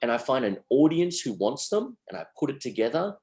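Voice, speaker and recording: With a brisk, sing-song delivery and a medium pitch with a darkish tone, a middle-aged Australian man guests on a podcast interview. The entrepreneur talks energetically and emphatically, repeating phrases as he goes.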